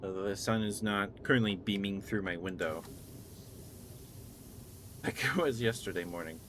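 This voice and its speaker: A man streaming live, chatting in a relaxed way and thanking viewers, still groggy with a morning voice. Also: lowish voice, moderate pace, a little hiss or hum. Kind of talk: casual live-stream chat.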